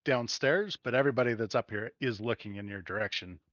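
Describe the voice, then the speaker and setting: A man's voice: mid-range voice, brisk, over a noisy crowd. A man narrating a tabletop role-playing game as game master, casual and rambling, often correcting himself mid-sentence. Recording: dull lo-fi sound.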